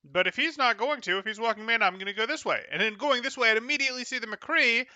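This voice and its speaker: A man's voice: very high voice, fast talker, pushed and bright, no room sound. A young man coaching over a gameplay review, critiquing in an exasperated, incredulous way. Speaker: game coach.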